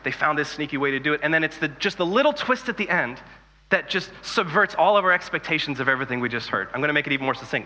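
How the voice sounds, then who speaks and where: A man in his thirties preaching a sermon in a relaxed, conversational way, telling jokes and stories. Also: on the high side. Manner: conversational, animated storytelling with jokes. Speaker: pastor. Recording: long hall reverb.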